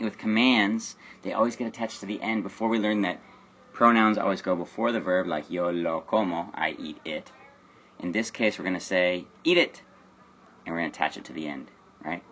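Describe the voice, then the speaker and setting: A man's voice: low-pitched, fairly bright tone, slight background noise. A man teaching a recorded Spanish grammar lesson, explaining step by step and checking in with "okay?" and "right?". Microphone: webcam or phone recording.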